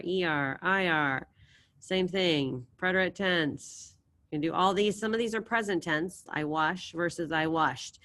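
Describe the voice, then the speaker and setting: A woman's voice: fairly low pitch, a bit bright. A woman teaching a language class over a video call, encouraging her students and drilling verb endings aloud. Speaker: Spanish teacher. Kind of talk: online class lesson.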